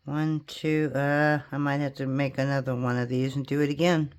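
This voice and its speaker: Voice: mid-range voice, little pitch movement, moderate pace, clean tone. A polymer clay crafter in a home studio, casually thinking aloud and chatting to viewers while working.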